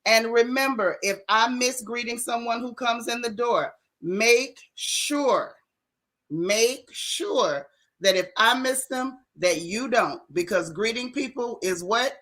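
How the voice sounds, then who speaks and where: A woman hosting a casual livestream, greeting viewers by name in a playful, animated way. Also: on the high side, slow. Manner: playful, animated, Southern-leaning slang. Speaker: livestream host. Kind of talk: casual live chat.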